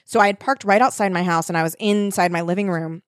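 A woman's voice: on the low side, fairly even intonation, quick pace, dry recording. Woman co-host, chatty storyteller, lots of "like" and restarts, dry mic. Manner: rambling, self-interrupting, bursts into shouting when telling stories. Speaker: podcast co-host. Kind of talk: casual chat, storytelling.

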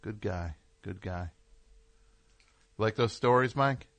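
A man's voice: fairly low pitch, takes it slowly, fairly bright tone, dry recording. A man from New Jersey hosting a call-in radio talk show, riffing in a sarcastic, ranting comic way.

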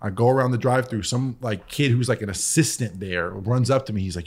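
A man who is a guest on a podcast, casually telling relaxed, animated stories. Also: medium pitch, brisk, breathy edge. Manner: storytelling, relaxed, animated anecdotes. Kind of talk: casual chat.

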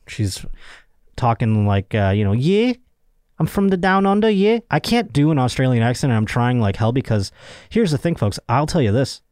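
A man's voice: medium pitch, a little mellow, no room sound, studio quality. A young man hosting a podcast, rambling and joking crudely in casual chat. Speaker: podcast host.

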